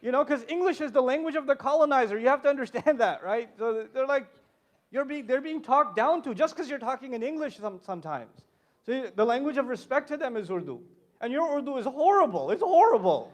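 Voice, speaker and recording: High-voiced man giving a humorous lecture. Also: a little fast. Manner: animated, joking, direct with the audience. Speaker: conference speaker.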